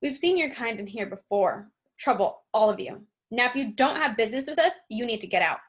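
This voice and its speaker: A woman voicing a gruff, dismissive male police officer in an audiobook, speaking with a sneer. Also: a little high, animated, a little fast, lightly acted.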